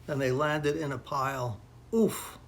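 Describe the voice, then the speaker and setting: An older man, a grandfather, reading a children's storybook aloud in a slow, gentle way. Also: medium pitch.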